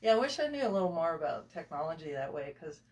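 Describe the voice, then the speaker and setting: A man's voice: fairly high pitch, very animated, fast talker. Masked man talking from a distance. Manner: rambling, with many fillers and restarts; muffled by a face mask. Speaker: collector and estate seller. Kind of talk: casual interview chat.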